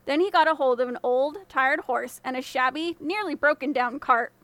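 Woman, storyteller, fairy tale narration, measured, high pitch, dry. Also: fairly bright tone, no room sound. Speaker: podcast storyteller.

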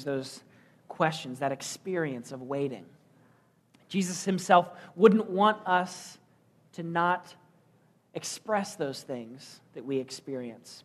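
Earnest male pastor preaching. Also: fairly high pitch. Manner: earnest, storytelling delivery with rhetorical questions. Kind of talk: sermon.

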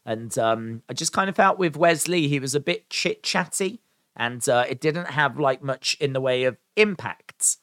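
Male reviewer, mid-pitched, casual and enthusiastic recap delivery, lots of fillers, dry close sound. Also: animated, normal speed, a bit bright, no room sound. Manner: chatty, with frequent "uh" and "um"; enthusiastic about the show. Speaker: wrestling show reviewer.

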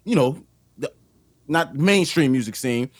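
A man's voice: mid-range voice, lively intonation, a little slow, slightly rough. A man co-hosting a casual podcast, talking loosely in slang with lots of "you know what I'm saying". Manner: loose slangy talk with frequent fillers. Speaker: podcast co-host. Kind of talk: casual chat.

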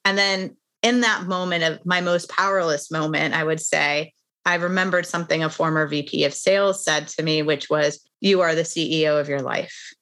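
A woman's voice: low-pitched, fairly even intonation, normal speed, fairly bright tone. A middle-aged woman, a podcast guest and author, telling a personal story in an earnest, candid way.

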